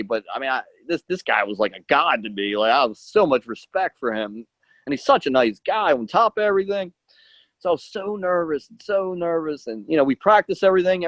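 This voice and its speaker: A man's voice: mid-range voice, fairly bright tone, no room sound, dull audio. A male wrestler guest telling his story in a rambling casual way, acting out quotes with lots of "like". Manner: rambling, acts out quotes, many "like"s.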